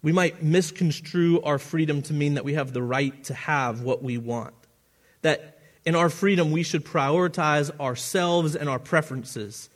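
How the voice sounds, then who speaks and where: A man's voice: fairly high pitch, unhurried. A man preaching a sermon as pastor, earnest and often restarting his phrases, with the odd chuckle at his own asides.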